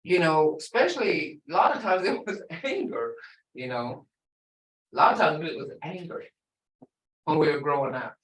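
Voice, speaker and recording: A woman's voice: low-pitched, animated, moderate pace, pauses often. An older woman teaching a language class, explaining patiently and repeating words, often with a laugh. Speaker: language instructor. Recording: echoey room, far from the mic.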